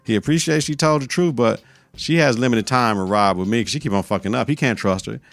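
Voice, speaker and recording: A man's voice: medium pitch, fast talker, vocal fry, soft background music. A male podcast host giving a casual, profane recap of a TV episode, laughing often.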